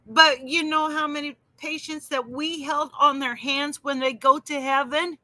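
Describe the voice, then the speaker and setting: A woman's voice: sits high, steady tone, unhurried, pushed and bright, no room sound. A woman talking casually on a livestream, answering viewers in her chat by name with emphatic, heated remarks.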